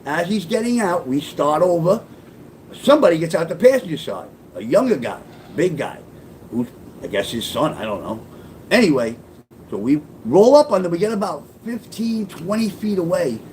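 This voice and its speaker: A man recounts his own story in blunt, profane street talk. His voice sits slightly high and leaps up and down with energy. A faint low rumble hums under the recording. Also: sing-song, normal speed, a little mellow. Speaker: storyteller and author. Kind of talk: casual spoken storytelling.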